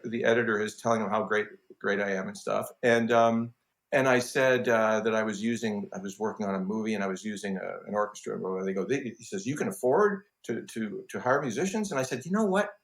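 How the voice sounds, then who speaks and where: Self-deprecating man, halting restarts. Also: on the low side. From Canada. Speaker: film and TV composer, guest. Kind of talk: casual interview storytelling.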